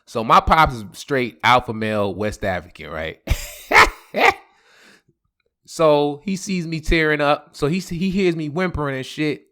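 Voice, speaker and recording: A man's voice: on the high side, measured pace. A man telling a personal story in a casual, slangy vlog, laughing often. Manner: animated, slangy, laughing a lot.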